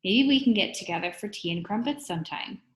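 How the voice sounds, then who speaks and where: A woman voicing a sly, villainous male teacher with a smooth, falsely pleasant manner, sweetly mocking the class in a storybook reading. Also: medium pitch, lively intonation, quick pace, lightly acted. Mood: smug. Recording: roomy echo.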